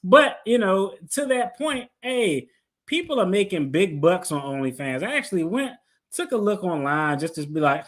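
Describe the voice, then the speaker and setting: A man's voice: high voice, animated, moderate pace, a bit bright. A man hosting a finance video, telling a story in a casual, playful way and acting out his own quotes. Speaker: attorney and finance video host.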